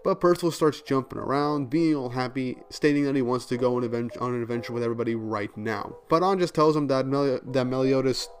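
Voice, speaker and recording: A man's voice: mid-range voice, quick pace, hardly any pauses, soft background music. A man casually recapping and commenting on a manga chapter. He fills his talk with "like" and laughs often. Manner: chatty, many "like" fillers, laughs often. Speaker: manga reviewer.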